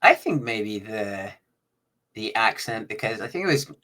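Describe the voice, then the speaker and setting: Male podcast co-host, lower pitch, hesitant casual delivery. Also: big pitch swings, sharp tone. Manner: halting, full of fillers and restarts.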